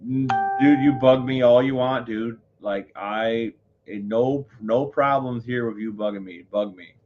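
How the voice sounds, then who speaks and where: A man's voice: medium pitch, a little slow, lo-fi sound, a little hiss or hum. A man chatting casually on a live stream, rambling, full of fillers and self-corrections. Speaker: livestreamer.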